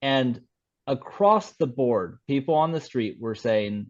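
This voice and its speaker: A man being interviewed on a podcast as an author, talking in a casual, halting way with frequent fillers and restarts. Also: medium pitch, lively intonation, no room sound, dull audio.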